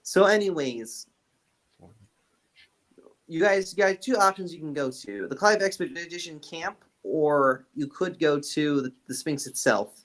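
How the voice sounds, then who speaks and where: A man's voice: a little high, lively intonation, unhurried, fairly bright tone. A man running a tabletop horror campaign as game master, rambling and stumbling over repeated words.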